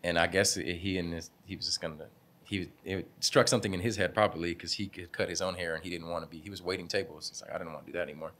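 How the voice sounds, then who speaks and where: A man's voice: deep voice, fairly even intonation, fast talker, fairly bright tone. A young man who owns a barbershop, telling stories in a casual interview in a laid-back, slangy way, laughing often and acting out what people said. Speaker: barbershop owner, guest.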